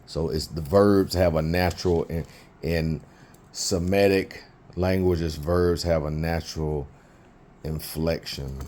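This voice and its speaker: Very deep, slow-talking male teacher. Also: steady tone, darkish tone, a little hiss or hum. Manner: slow, thinking aloud, with fillers and restarts. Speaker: Bible Hebrew teacher. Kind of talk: informal recorded lesson.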